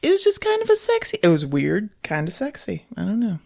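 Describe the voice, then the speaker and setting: A woman's voice: medium pitch, wildly swooping pitch, fairly quick, vocal fry, a little mellow. A woman co-hosting a podcast in casual chat, chiming in with short amused remarks. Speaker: podcast co-host.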